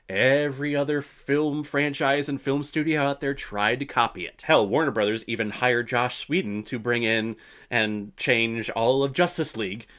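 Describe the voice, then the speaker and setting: A man's voice: medium pitch, fairly bright tone. A man hosting a casual movie reaction, chatty and opinionated, swearing now and then.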